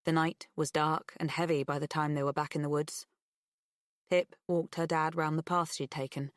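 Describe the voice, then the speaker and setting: A woman narrating an audiobook thriller in a measured, expressive reading. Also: low voice, no echo, clean studio sound. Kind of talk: scripted narration.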